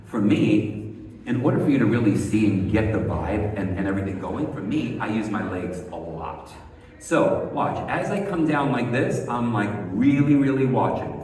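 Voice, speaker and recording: A man's voice: on the low side, animated, normal speed, darkish tone. A man teaching a live haircut demonstration, coaching step by step, firing rhetorical questions at the class and repeating key words for emphasis. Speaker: hair educator. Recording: echoey hall, mic far off.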